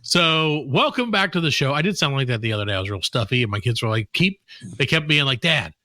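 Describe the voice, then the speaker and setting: A man's voice: mid-range voice, lively intonation, quick pace, bright, forceful tone, no room sound. A man co-hosting a comedy podcast in casual chat, joking and slipping into silly put-on voices. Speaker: podcast co-host.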